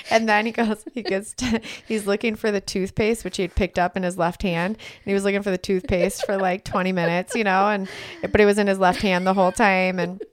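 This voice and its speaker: A woman's voice: mid-range voice, a little hiss or hum. A woman co-hosting a podcast, telling funny stories in casual chat and laughing often. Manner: chatty storyteller, laughs often. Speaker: podcast co-host.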